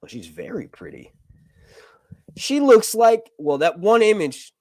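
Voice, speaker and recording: A young man hosting a casual live stream, chatting with viewers in a jokey, animated way and swearing casually. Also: high-pitched, unhurried, no room sound, studio quality. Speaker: YouTube host reading viewer chat.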